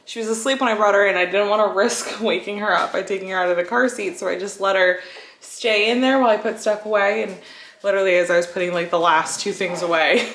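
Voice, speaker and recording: Chatty young mom vlogging. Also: female voice, mid-range voice, fairly even intonation, quick pace, slight background noise. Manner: chatty, laughs often, coos softly to a fussy baby. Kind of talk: casual vlog talk to camera.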